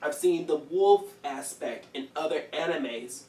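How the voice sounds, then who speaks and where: High-voiced man in an echoey room. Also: unhurried, a little hiss or hum. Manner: animated, restarts a lot, pushes back. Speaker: podcast panelist. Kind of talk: casual film discussion. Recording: roomy room, distant mic.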